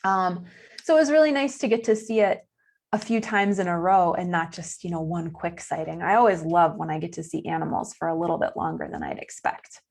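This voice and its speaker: A woman's voice: fairly low pitch, brisk, creaky, a little mellow. A young woman, a nature camp educator, giving a chatty, playful live-streamed science lesson for children from home, laughing at her own jokes.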